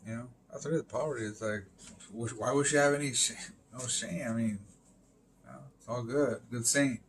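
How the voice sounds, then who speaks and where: Male streamer, middle pitch, loose filler-heavy rambling with curses, light background noise. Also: fairly quick. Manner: rambling, filler-heavy, swears, emphatic "boom" interjections. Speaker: live stream host. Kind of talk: casual rambling monologue.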